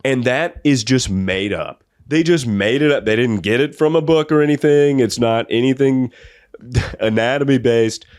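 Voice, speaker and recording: A man's voice: medium pitch, moderate pace, darkish tone, no echo, clean studio sound. A young man hosting a podcast, telling a comedic story in a rambling way and often laughing through it. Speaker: podcast host.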